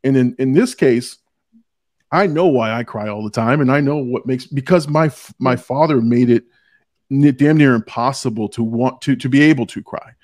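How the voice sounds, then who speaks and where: A man's voice: mid-range voice, moderate pace, a little mellow, no echo, studio quality. A man hosting a podcast, talking earnestly in casual chat and often restarting as he tells personal stories. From Hispanic family background. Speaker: podcast host.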